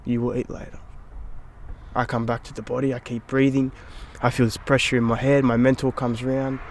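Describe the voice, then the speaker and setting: A man's voice: medium pitch, level tone, normal speed, slight background noise. A young adult man, a podcast guest, telling a personal story in casual chat, swearing freely and dropping into whispers for his inner thoughts.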